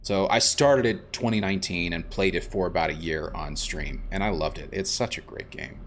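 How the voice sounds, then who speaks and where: A man streams a game and chats casually with viewers, rambling a bit, restarting, and answering chat in a let's-play style. His voice is low-pitched but fairly bright, at normal speed, with slight background noise.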